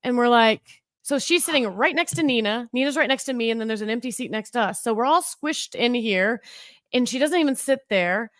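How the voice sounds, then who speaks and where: Woman, podcast co-host, chatty, filler-heavy, higher pitch, dry close sound. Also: expressive, fairly quick, dry recording. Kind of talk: casual chat.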